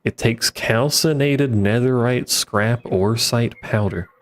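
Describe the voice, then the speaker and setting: A man's voice: mid-range voice, slow. A man giving casual, rambling commentary while he plays a game, with wry asides to himself, into a desk microphone. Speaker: streamer playing a modded block-building game.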